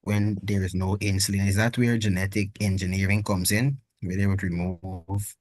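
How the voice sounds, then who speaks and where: A student in a classroom asking the teacher a polite and somewhat hesitant question. The voice is very low and heard a little from afar, and the sound is dry. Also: little pitch movement, normal speed, a little mellow, no room sound.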